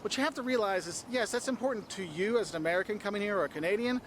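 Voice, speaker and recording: A man giving advice to tourists in a travel vlog, energetic and emphatic. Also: high-pitched, racing, a little hiss or hum. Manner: energetic, emphatic, acts out tourists in quoted voices. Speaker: travel video host.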